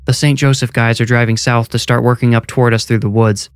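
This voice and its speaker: A man voicing a young woman police officer, measured and businesslike. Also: medium pitch, level tone, clean tone, lightly acted. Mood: firm.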